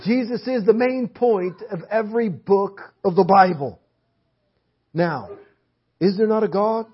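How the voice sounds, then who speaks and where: Preaching in a church hall, this man has a high-pitched, slightly rough voice and a measured pace. His delivery is emphatic, hammering points with repeated phrases. It's captured in dull, lo-fi sermon audio.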